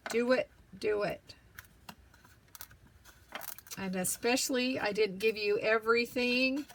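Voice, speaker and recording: A woman hosting a paper-craft tutorial, chatting to herself as she works, sometimes whispering, her voice going hoarse. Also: on the high side, fairly bright tone, slight background noise. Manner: slow, chatty, talks to herself while working, drops to whispers. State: losing her voice, clearing throat.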